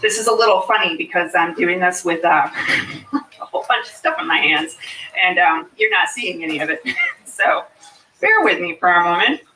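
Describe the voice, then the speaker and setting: A woman's voice: fairly low pitch, big pitch swings, moderate pace, pushed and bright, a little hiss or hum. A woman practitioner of hypnosis giving an earnest explanatory talk to a fair audience, often checking in with "okay?". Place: fair venue, indoors. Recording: echoey room, mic far off.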